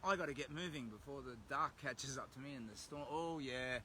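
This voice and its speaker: A man's voice: mid-range voice, a little fast, bright, forceful tone, slight background noise. An Australian man chatting casually on a livestream, reading out viewer comments while walking by a road. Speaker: livestreamer on a long charity walk. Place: outdoors by a road, windy. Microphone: phone held while walking.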